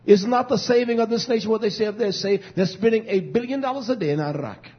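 A man preaching a fiery sermon, swinging from shouting to low murmuring, with repetitive, stumbling restarts. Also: fast talker, breathy edge. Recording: dull lo-fi recording.

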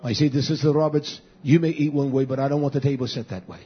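Husky preacher guy going off, slightly high voice, yells then drops to mutters, muffled lo-fi sound. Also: steady tone, fast talker. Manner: blunt, repetitive, swings between shouting and low muttering. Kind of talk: fiery sermon.

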